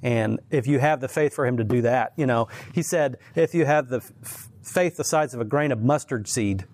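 A man's voice: mid-range voice, moderate pace. Earnest man telling faith stories. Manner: earnest, animated, many restarts. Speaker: church teacher and speaker. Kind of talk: casual faith conversation, storytelling.

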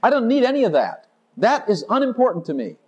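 Exuberant high-voiced male preacher. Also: wildly swooping pitch, husky. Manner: exuberant, sings snatches, laughs, rapid-fire declarations. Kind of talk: sermon.

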